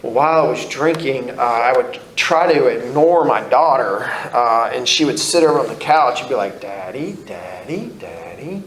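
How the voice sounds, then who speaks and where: A man's voice: mid-range voice, moderate pace, hardly any pauses, a bit bright, reverberant, poor audio. A man telling his own recovery story to a group, candid and blunt, swearing freely, rambling with restarts.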